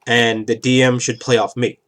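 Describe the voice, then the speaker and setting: A man's voice: medium pitch, little pitch movement, normal speed, a bit bright. A man explaining the rules of a tabletop game in a rambling, casual way, often checking in with "right?". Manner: rambling, keeps asking "right?".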